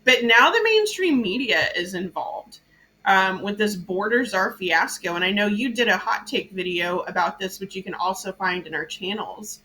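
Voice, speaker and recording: A woman from Louisiana leads a casual political talk show with a bright, forceful voice. She is animated and chatty and laughs easily at her own quips. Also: medium pitch, moderate pace, a little hiss or hum, poor audio. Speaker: podcast host.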